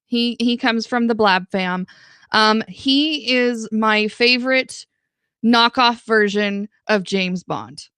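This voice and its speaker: A woman's voice: a little high, takes it slowly, sharp tone, smooth, no room sound. Woman, livestream guest, teasing banter, giggly, enthusiastic, dry close sound. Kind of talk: casual livestream chat.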